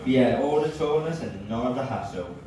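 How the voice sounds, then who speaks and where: In a very echoey comedy club full of audience, an English man works through a stand-up set, telling animated stories with a swooping delivery and loud outbursts. He speaks at medium pitch and moderate pace. He's recorded from a distance, with noticeable background noise the whole way.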